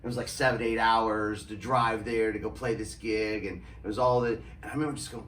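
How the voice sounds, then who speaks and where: A laid-back man telling lively road stories in a casual chat. He sounds a bit distant from the mic, with a faint hum of ambient noise behind him. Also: on the low side, a little fast, few pauses. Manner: animated storyteller, does voices in anecdotes. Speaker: touring musician guest.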